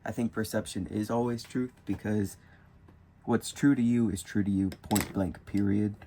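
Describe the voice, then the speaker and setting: A man's voice: on the low side, fairly even intonation, moderate pace, dark tone, slight background noise. A young man thinking aloud in a rambling, casual vlog about spirituality while drawing with colored pencils. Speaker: spiritual vlogger. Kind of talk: casual musing monologue.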